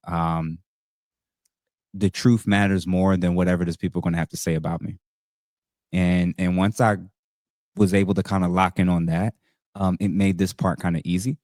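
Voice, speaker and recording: Deep-voiced man, measured and reflective. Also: a little mellow, dry recording, clean studio sound. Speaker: therapist guest. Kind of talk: casual talk-show chat.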